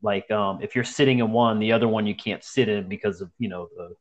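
A man's voice: fairly low pitch, fairly quick, highs cut off. A young man casually telling a story to friends, profane and slangy, acting out the people he describes. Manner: profane, slangy, animated retelling.

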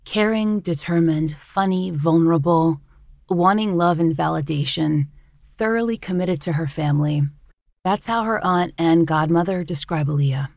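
Low gravelly woman narrating true crime. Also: moderate pace, darkish tone, no echo, studio quality. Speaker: podcast host and narrator.

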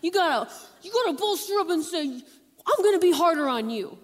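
A woman's voice: very high voice, lively intonation, normal speed, pitched above the performer's own voice. A woman voicing a group of cocky young male advisors who talk pushy slang. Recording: long hall reverb.

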